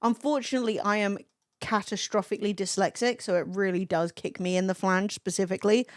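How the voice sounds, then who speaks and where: A woman's voice: medium pitch, fairly even intonation, no echo. Profane, chatty woman streamer on a dry mic. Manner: chatty and profane, quick laughing reactions. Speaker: livestreamer. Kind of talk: casual stream chat, reading chat aloud.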